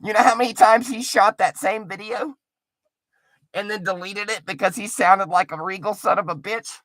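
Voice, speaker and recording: A man's voice: sits high, moderate pace, fairly bright tone, no room sound. A middle-aged man, a livestreamer, ranting in a rambling, profane and mocking way at his audience.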